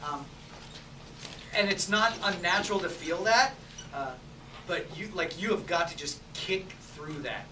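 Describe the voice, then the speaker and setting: A man's voice: high voice, unhurried, long pauses. A man teaching an improv class, upbeat and chatty, often laughing as he coaches. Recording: roomy, distant mic, noisy.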